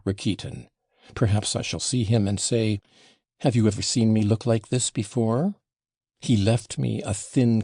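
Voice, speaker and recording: A man's voice: lowish voice, gravelly, warm tone, husky, dry recording, studio quality, full character voice. A man reading an audiobook voices a passionate, wounded young woman, talking in a raised, emotional way that swings from tender to scornful. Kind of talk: audiobook character voicing.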